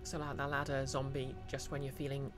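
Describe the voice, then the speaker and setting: A woman's voice: a bass voice, completely flat delivery, brisk. A woman with a mixed Midlands and Welsh accent, streaming a game at home and chatting with her viewers as she plays. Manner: chatty, reads and answers chat, self-deprecating asides. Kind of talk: live gameplay commentary. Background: game music.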